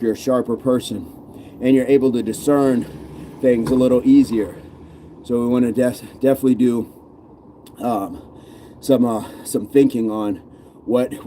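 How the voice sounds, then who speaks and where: Male workout coach on a live stream, deep warm tone, counts reps and greets viewers, slight noise behind. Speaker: fitness coach.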